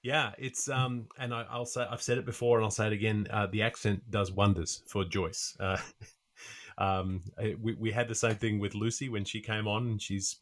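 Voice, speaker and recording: A man co-hosting a podcast, talking through a book in a thoughtful, halting way with plenty of pauses. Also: fairly low pitch, little pitch movement. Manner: thoughtful, halting, many fillers. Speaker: podcast co-host. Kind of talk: casual literary discussion.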